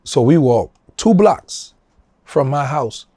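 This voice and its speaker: A man's voice: mid-range voice, lively intonation, slow pace, dark tone, no echo, studio quality. A middle-aged man with a New Orleans accent tells a story in a casual interview, acting out the people he quotes in a raised voice. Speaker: interview guest.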